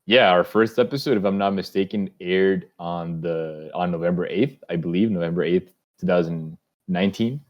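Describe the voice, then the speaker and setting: Young guy cohosting a podcast, deep voice, rambles and swears a lot. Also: normal speed, hardly any pauses. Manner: rambling, swears casually, many restarts. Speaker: podcast co-host. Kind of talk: casual podcast chat.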